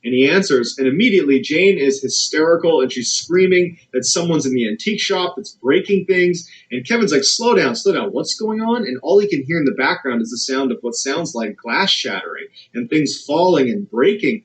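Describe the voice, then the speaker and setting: A man's voice: lively intonation, fairly quick, few pauses, low-quality recording. A man narrating a dramatic true scary story, building suspense as he goes. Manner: suspenseful, builds tension with rising pitch.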